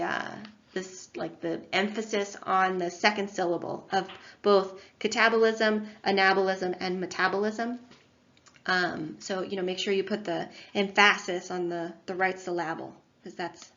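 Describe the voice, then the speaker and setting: An instructor gives a recorded online lecture in a medium-pitched, slightly bright voice. She's chatty and self-deprecating, using many fillers and restarts, and the audio is slightly dull and lo-fi.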